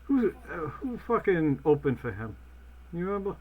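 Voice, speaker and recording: A man co-hosting a casual podcast, loud and profane, breaking into jokey outbursts. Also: fairly high pitch, very animated, normal speed, narrow, tinny audio. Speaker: podcast co-host. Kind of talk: casual banter.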